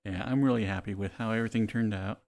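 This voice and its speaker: A man chatting casually on a live stream, playful and relaxed, laughing often. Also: lowish voice, quick pace, creaky. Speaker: VRChat streamer.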